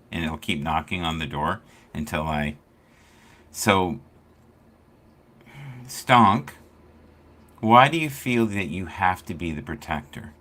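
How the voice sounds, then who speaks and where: A man hosting a casual spiritual chat stream, telling stories and acting out quoted people with big swings in loudness. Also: low voice. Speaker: livestream host.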